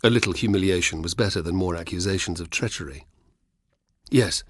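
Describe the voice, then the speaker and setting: A man reads a historical audiobook, telling the story in a steady way. His voice sits low and a little husky, and the recording is dry and close. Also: quick pace, no room sound. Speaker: audiobook narrator. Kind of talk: audiobook narration.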